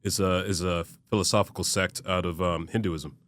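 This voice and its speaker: Low-voiced man in his fifties, measured. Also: fairly even intonation. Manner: measured, reflective, trails off softly at phrase ends. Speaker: podcast guest. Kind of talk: casual conversation.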